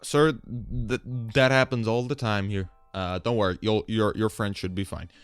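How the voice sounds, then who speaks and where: A man voicing a polite, flustered male staffer in a fantasy game, speaking formally with halting restarts. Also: fairly low pitch, clear, resonant tone, no echo, faint music behind, natural voice.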